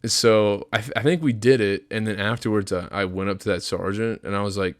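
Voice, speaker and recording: Low-voiced dude cursing through a story on his podcast, dry mic, acts out the quotes. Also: fairly quick, hardly any pauses, dry recording. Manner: profane, animated storyteller acting out quotes. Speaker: podcast co-host. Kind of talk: casual chat, storytelling.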